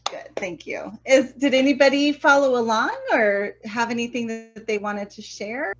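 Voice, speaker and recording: A woman's voice: a little high, steady tone, normal speed, highs cut off. Chatty woman hosting a painting stream. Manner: chatty, laughs often, mumbles and trails off while working. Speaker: watercolor workshop host. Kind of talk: live-streamed painting lesson.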